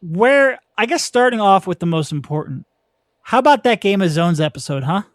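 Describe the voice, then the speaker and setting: A man's voice: high-pitched, expressive, no room sound, clean studio sound. Chatty man hosting a sports podcast. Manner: chatty, laughs easily, quick asides. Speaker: podcast host. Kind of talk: casual sports podcast chat.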